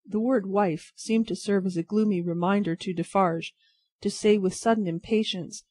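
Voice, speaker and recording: A narrator giving a steady, even audiobook reading of a classic novel for English learners. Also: medium pitch, normal speed, no room sound.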